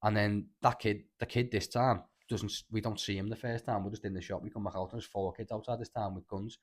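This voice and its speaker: A young man with a thick Scouse accent spins a rambling tale on a casual podcast. He talks very fast in a low voice, piling on slang and swearing as he goes. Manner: rambling, animated storytelling with lots of slang and swearing. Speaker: podcast host. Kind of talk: casual chat.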